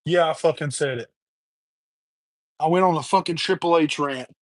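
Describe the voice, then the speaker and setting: A man's voice: fairly high pitch, moderate pace, no echo. Furious, swearing man ranting on stream. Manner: heated, profane, repetitive ranting. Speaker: livestream host. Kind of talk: angry rant on a livestream. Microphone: webcam or streaming mic.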